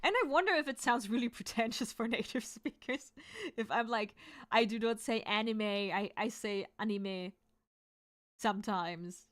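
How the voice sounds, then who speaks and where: A woman from Germany with a German accent, a native German speaker chatting casually while drawing on stream, talking fast and sometimes fumbling her words. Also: on the high side, a bit bright. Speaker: artist streamer.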